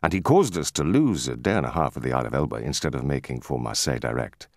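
A man's voice: a bass voice, animated, quick pace, darkish tone, no echo, studio quality, pitched below the performer's own voice. A man voicing a smug, fawning young male clerk with a sly, insinuating manner in an audiobook. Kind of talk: audiobook character voice.

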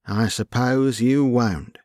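A man reading an audiobook, voicing a big easygoing hired thug with a resigned, philosophical manner, pitched higher than his own voice. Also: steady tone, slow, dark tone, no echo, studio quality, natural voice. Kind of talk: audiobook character voice.

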